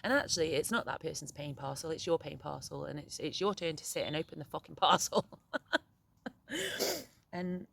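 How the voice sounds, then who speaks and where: A young woman speaks straight to camera in a candid, unguarded monologue. Her voice sits a little low, and she swears freely, stopping and restarting her sentences as she goes. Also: normal speed, gravelly, long pauses, fairly bright tone. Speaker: poet and vlogger. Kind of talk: emotional casual monologue.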